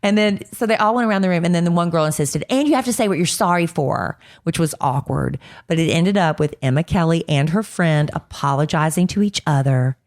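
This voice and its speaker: A woman with a low voice, chatting casually on a podcast while getting over a cold. She tells a long story with energy and slips into other people's voices when she quotes them. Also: a little fast, hardly any pauses, a little mellow. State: fighting a cold. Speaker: podcast co-host.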